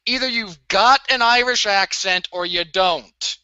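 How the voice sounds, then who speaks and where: A male podcast co-host ranting sarcastically about a film in casual chat. His voice is very bright and tense, a little higher than most men's, and the recording is dry and muffled. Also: unhurried, clear, resonant tone, no echo. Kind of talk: casual movie review chat. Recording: dull lo-fi dry audio.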